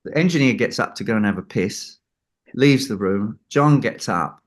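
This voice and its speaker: On the low side with lively intonation, this man speaks at a moderate pace. He's a record producer sharing a story in an interview, voicing the people he quotes as he goes.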